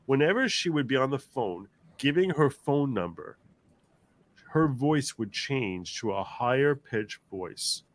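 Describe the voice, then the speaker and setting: A man's voice: mid-range voice, a little slow. A man hosting a livestream panel in casual chat, reading viewer comments aloud and laughing often. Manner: animated, laughs often, mimics voices. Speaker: livestream host.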